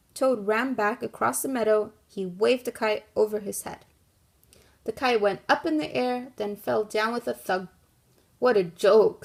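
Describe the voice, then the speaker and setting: Woman teacher, slightly high voice with some gravel, reads a story to kids and talks it through patiently. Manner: gentle, guiding, thinks aloud with pauses. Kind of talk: classroom read-aloud and lesson.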